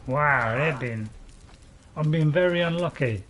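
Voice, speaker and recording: A fairly high-pitched male voice, at a measured pace over a noisy background, belongs to a gaming channel host. He talks to himself through gameplay in a let's-play, rambling, chatty and often chuckling.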